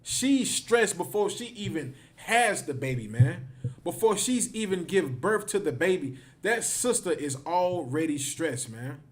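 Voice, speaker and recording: Leading a scripture class over livestream, this man speaks with a high, lively voice at a measured pace. He hammers his points emphatically, repeats them, and keeps tacking "man" onto the end of his phrases.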